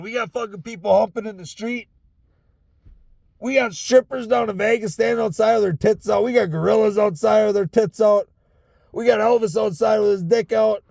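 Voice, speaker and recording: A young man with a Southern accent and a tired, sore, raspy voice, hosting a casual solo rant in a truck, profane and heated. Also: sits high, a little mellow, no room sound. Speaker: podcast host. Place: inside a parked truck.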